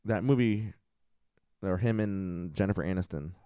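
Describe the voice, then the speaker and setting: A young man co-hosting a casual podcast, talking excitably with many restarts. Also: sits low, smooth. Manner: rapid, excitable, trailing restarts. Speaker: podcast co-host. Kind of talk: casual chat.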